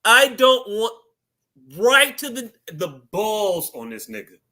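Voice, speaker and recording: A man co-hosting a podcast, talking in animated, joking banter with drawn-out storytelling. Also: high voice. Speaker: podcast co-host.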